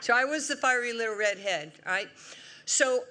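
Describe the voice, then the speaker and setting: A woman in her sixties with a New York accent, giving an award acceptance speech as a lively, humorous storyteller. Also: a little high, normal speed, noisy background. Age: 60s. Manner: lively, humorous storyteller, acts out quoted voices. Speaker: award honoree. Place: large event hall.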